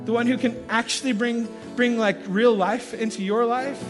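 A middle-aged male pastor preaches in a church sanctuary, his voice sitting unusually high. He tells the story animatedly, laughing and acting out sounds. Long reverb fills the hall, with soft music faintly underneath. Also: steady tone, moderate pace. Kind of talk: storytelling sermon.

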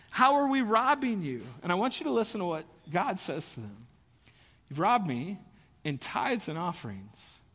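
A high, bright male voice preaching to a congregation in an animated, conversational way, pushing up into emphatic peaks. The sound carries a long reverb tail from a large hall. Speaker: pastor. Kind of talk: sermon.

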